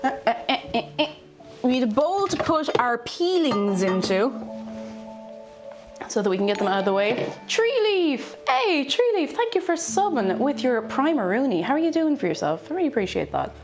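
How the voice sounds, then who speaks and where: A woman's voice: sits high, very animated, moderate pace. An Irish woman in casual livestream chat while cooking, chatty and self-mocking, greeting viewers by name. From Ireland. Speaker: streamer. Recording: faint background music.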